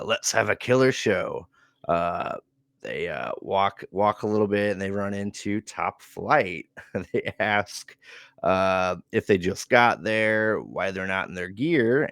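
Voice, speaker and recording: A man casually recapping a wrestling show on a podcast, relaxed, with frequent chuckles and filler words. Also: low-pitched, smooth, dry recording, clean studio sound.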